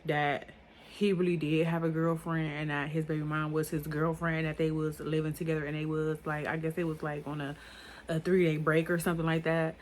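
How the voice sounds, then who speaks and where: A woman's voice: low voice, level tone, fairly quick, darkish tone, a little hiss or hum. A young woman telling a personal story in a casual, rambling monologue, with many filler words and loose grammar. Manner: rambling, filler-heavy talk.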